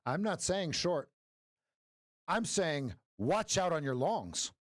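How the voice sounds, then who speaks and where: A man's voice: a little high, very animated, takes it slowly, no room sound, clean studio sound. A man hosting a live trading stream, chatting casually and joking with viewers, laughing often.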